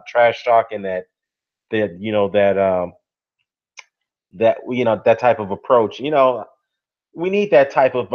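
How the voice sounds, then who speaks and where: A man hosting casual boxing commentary on a live stream, rambling with lots of "you know" and "man" fillers while greeting viewers in the chat. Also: lowish voice. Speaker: boxing YouTube host. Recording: dull lo-fi sound.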